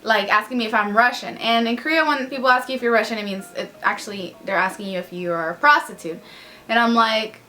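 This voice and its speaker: A woman's voice: a little high, fast talker, bright, forceful tone, soft background music. A young woman telling stories casually to her vlog viewers, chatty with many fillers and acted-out dialogue. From United States. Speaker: vlogger. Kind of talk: casual storytelling.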